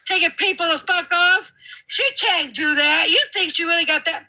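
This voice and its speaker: A woman argues furiously and swears nonstop, her high, piercing voice cracking toward tears. She shouts over the other person in a heated live debate. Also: fairly even intonation, moderate pace. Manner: angry, profane, shouting.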